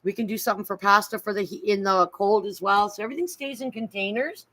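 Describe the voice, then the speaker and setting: A middle-aged woman livestreams casually from home, showing off her pantry and thanking her viewers in a fast, sharp, medium-pitched voice. She's chatty and emotional, easily moved and close to tears. The audio quality is poor.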